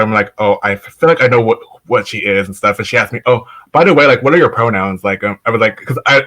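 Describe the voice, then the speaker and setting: A man's voice: mid-range voice, sharp tone. A man talking as a guest on a casual show, telling stories loosely with many fillers. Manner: chatty, lots of "like", laughs while telling stories. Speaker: podcast guest. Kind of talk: casual conversation.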